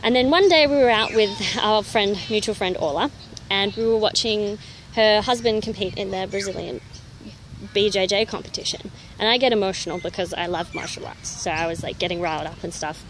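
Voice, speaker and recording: Young female fitness vlogger, animated casual storytelling, outdoor noise behind her. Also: medium pitch, a little fast. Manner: animated, chatty, heavy on "you know" fillers. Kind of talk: casual personal storytelling to camera.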